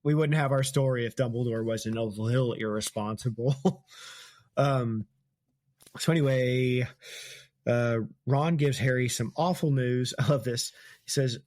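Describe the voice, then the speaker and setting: A man chats through a book chapter as a podcast host, retelling scenes in a loose, casual way and laughing often. His voice sits at an ordinary middle pitch. The recording is close and dry. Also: moderate pace, darkish tone, no room sound.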